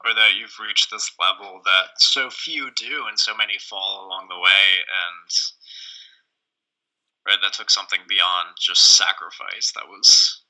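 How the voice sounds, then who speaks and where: A man's voice: low voice, fairly even intonation, a little slow, sharp tone, low-quality recording. A man in a casual film discussion, thinking aloud reflectively with hesitations. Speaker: podcast co-host.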